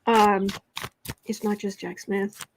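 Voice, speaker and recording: A woman's voice: mid-range voice, flat delivery, slow pace, vocal fry, background noise. An American woman hosting a casual tarot livestream, reading viewer comments aloud and sometimes dropping to a whisper. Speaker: tarot reader and livestream host.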